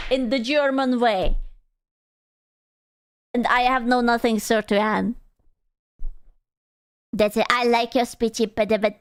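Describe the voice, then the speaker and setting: Young woman streamer, high and clean-toned, unhurried, playful and crude in casual chat. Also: clean tone.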